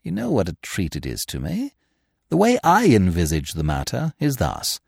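A man voicing an unflappable young gentleman who speaks in a languid, elaborately polite way. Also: fairly low pitch, huge pitch swings, moderate pace, gravelly, breathy edge, no room sound, clean studio sound, exaggerated voice. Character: suave young man, unflappable, verbose, whimsical.

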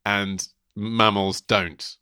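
A man's voice: fairly low pitch, steady tone, extremely slow, sharp tone, smooth, no echo, studio quality. A middle-aged man co-hosting a podcast, chatting casually and wryly, speeding up when he tells anecdotes. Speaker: podcast co-host. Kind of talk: casual chat.

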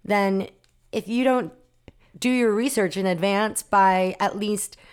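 A woman guest in a casual chat, an animated storyteller who acts out the people in her stories. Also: medium pitch, takes it slowly, clean tone.

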